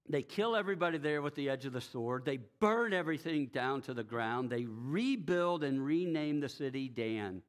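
A man preaching a sermon as pastor of a church, telling the story in a lively way with rhetorical questions and frequent chuckles. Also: a little high.

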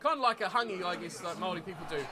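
A man with a New Zealand accent giving excitable live commentary while playing a rugby video game, often yelling at the screen. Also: high-pitched, very fast, background noise. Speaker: gaming YouTuber.

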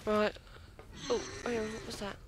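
A man giving casual gameplay commentary, excitable, squealing and swearing when startled. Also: high voice, moderate pace, noisy background. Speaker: let's play gamer.

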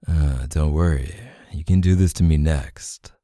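A man in a whispered role-play as a teasing, playful, dominant boyfriend, speaking softly into a close mic. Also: a bass voice, a little slow, few pauses, no echo.

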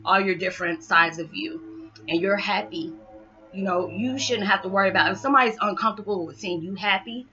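A woman's voice: mid-range voice, a little fast, bright, forceful tone, faint music behind. A woman talking casually to her viewers in a rambling vlog monologue, full of "you know" and "it's just like.". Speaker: spiritual vlogger. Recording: dull lo-fi sound.

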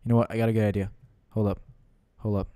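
A young man hosting a gaming channel, giving let's-play commentary with excitable yells, laughter and constant "dude"s. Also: lowish voice, fast talker, no room sound.

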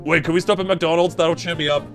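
A woman's voice: lowish voice, steady tone, fast talker, over music, voice pushed down, lightly acted. A woman voicing a gloomy, sneezing middle-aged dad in a blocky game roleplay, in a whiny manner.

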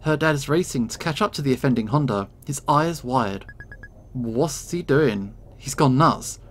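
A man hosting a let's play, reading the narration of a story game aloud in an expressive, dramatic way. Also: medium pitch, moderate pace, slight background noise.

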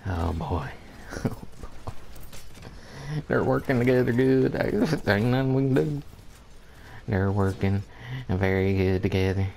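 A gameplay commentator narrates his own play in a slow, unhurried drawl, a little low in his range, mellow and with vocal fry, over a faint hiss of noise. He grumbles in disbelief, repeats himself, chuckles often and swears mildly in a folksy way.

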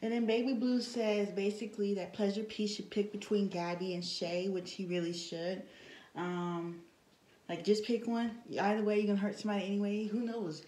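A woman's voice: medium pitch, little pitch movement, normal speed, mellow, roomy sound, low-quality recording. A woman recapping a reality TV episode in a casual, chatty way, full of fillers and blunt asides. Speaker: TV show reviewer.

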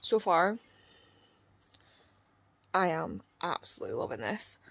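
Young woman, casual book vlogger, chatty and animated, acts out quotes, dry close sound. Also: low voice, measured pace, creaky, husky, no echo. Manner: chatty, animated retelling with quoted voices and asides. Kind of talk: casual book review vlog.

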